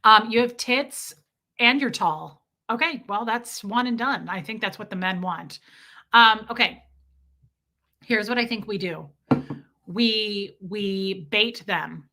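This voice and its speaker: A woman's voice: medium pitch, slow pace, sharp tone. A woman hosting a livestream, chatting casually and reading viewer comments, with brash, crude joking. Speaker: livestream host.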